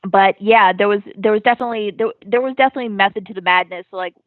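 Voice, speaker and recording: A woman's voice: mid-range voice, quick pace, no echo. A woman guest in a casual interview, talking chattily about her comic with many ums and you-knows. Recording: dry tinny phone-like line.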